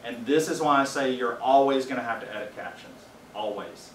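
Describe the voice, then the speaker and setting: A man's voice: medium pitch, fairly quick, slight background noise. A man giving a casual training presentation to a small group, explaining things plainly with wry asides. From Louisiana. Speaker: faculty trainer. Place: training room with a small audience. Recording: roomy echo, distant mic, faint ambience.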